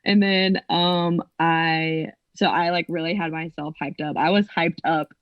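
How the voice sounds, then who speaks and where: A woman in her twenties telling a personal story on a podcast in an animated way, with lots of fillers. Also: deep voice, unhurried, no echo. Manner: animated, acts out quotes, many fillers. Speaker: podcast co-host. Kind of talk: casual storytelling. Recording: dull, dry sound.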